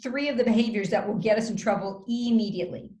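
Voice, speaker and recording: A woman with a mid-pitched voice gives practical communication advice as a guest. She explains each point in a measured, step-by-step way with deliberate pauses. Her voice carries a noticeable room echo over a video call. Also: mellow. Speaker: communication skills guest expert. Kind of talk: coaching advice in conversation. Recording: roomy echo.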